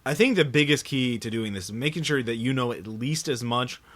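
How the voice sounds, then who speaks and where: A man's voice: mid-range voice, expressive, a little fast, fairly bright tone. A man co-hosting a podcast, chatting casually and a bit pedantically about tabletop role-playing games. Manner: pedantic, chatty, laughs easily. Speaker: podcast co-host.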